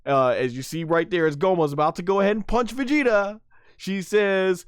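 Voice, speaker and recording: A young man streaming a live anime fight breakdown, reading chat, excitable and laughing often. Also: high voice, moderate pace, clear, resonant tone, no echo, clean studio sound.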